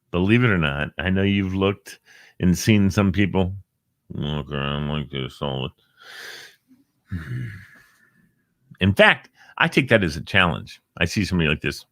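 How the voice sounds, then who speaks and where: A deep-voiced man hosts a casual live encouragement stream, reading uplifting quotes and joking with viewers by name. He's animated and jokey, recorded dry at studio quality.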